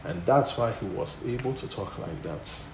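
A man preaching a sermon, swinging from emphatic loud bursts back down to low, quiet delivery. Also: expressive, normal speed. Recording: echoey room with faint noise.

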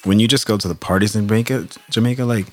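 A man chatting as a guest on a podcast, a DJ who talks in a relaxed way, full of "like" and "bro". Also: on the low side, quick pace. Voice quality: relaxed, heavy use of "like" and "bro". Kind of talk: casual podcast chat.

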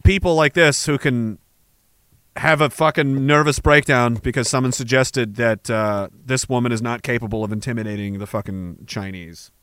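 A man's voice: medium pitch, steady tone, moderate pace, fairly bright tone, clean tone, no room sound. A man ranting angrily and sarcastically, swearing as he reacts to clips. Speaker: online commentator. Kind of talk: profane reaction rant.

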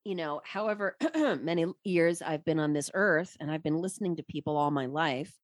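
Chatty woman, low and dry. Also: normal speed, no echo. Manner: chatty, thoughtful, self-interrupting. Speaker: audiobook narrator, guest. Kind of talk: conversational interview answers.

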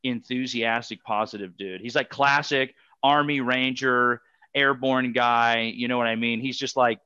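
Male podcast guest, bright tone, rambling filler-heavy storyteller, dry dull lo-fi audio. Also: medium pitch, fairly even intonation, unhurried, clean tone, dry recording. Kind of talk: casual podcast chat.

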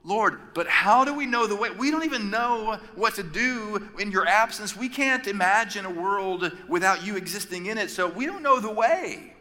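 A man plays a worried disciple who pleads for answers. The voice is raised well above the man's normal pitch and is bright and forceful. Long reverb from a big hall trails behind it. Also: animated, moderate pace, few pauses. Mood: anxious. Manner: pleading, urgent questions. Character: Thomas, an anxious, bewildered male disciple.

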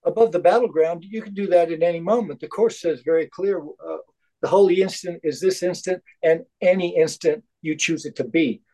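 A man sharing his views in a spiritual study group, emphatic and halting, with many restarts. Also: fairly high pitch, mellow, poor audio. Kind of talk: heartfelt group discussion.

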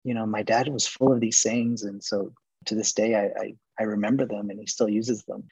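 A man's voice: lowish voice, steady tone, fairly quick, a little mellow, breathy edge, no echo, rough recording. A man in his forties from Texas, a guest casually telling long rambling stories with lots of fillers. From Laredo, Texas. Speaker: interview guest. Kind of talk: casual storytelling interview.

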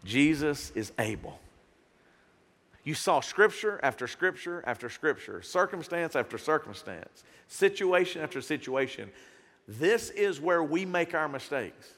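Animated preaching man, reverberant hall. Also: fairly high pitch, unhurried. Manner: animated, earnest preaching with sudden loud bursts. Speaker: pastor. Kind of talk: sermon.

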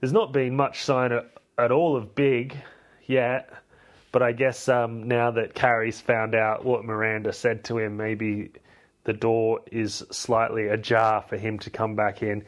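A man's voice: medium pitch, level tone, a little slow. A man hosts his podcast, talking through a film in a loose, chatty recap. His delivery is cheeky and irreverent, and his voice sits in an ordinary middle register. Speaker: podcast host.

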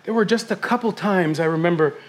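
A middle-aged man preaching a sermon as pastor, fast and intense, swinging from hushed whispers to loud bursts. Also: high voice.

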